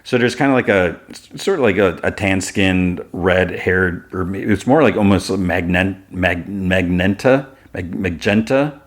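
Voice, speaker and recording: A man's voice: low voice, a little slow. A man podcast host casually recapping a cartoon episode, rambling with lots of filler words.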